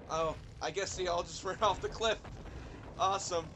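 A young man giving excitable let's play commentary, yelling and laughing at the game. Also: sits high, moderate pace, noisy background. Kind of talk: gameplay commentary.

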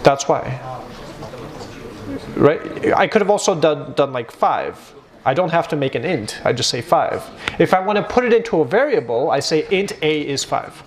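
A man teaching a university computer science class, talking lively and joking with his students. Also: on the high side, normal speed. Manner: lively, switches between English and Armenian, jokes with students. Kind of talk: live classroom lecture. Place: university lecture hall. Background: students in the room.

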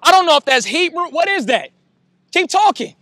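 A man hosting a reaction video, exclaiming loudly and teasing the performers in casual commentary. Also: very high voice, sing-song, moderate pace, no room sound.

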